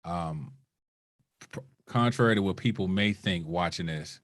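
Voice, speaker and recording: Deep-voiced male podcast host. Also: unhurried. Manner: relaxed, appreciative, with frequent "um"s. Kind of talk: casual interview.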